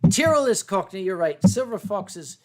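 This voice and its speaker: A man's voice: sits high, sing-song, normal speed. An American man hosting a casual livestream, reading chat messages aloud with boisterous, swearing banter. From North Carolina. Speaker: stream host.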